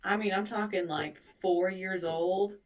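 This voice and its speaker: A woman in her thirties co-hosting a podcast, telling stories in an animated, casual way with the odd swear word. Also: medium pitch, a little slow. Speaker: podcast co-host. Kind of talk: casual chat. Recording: voice a bit far from the mic.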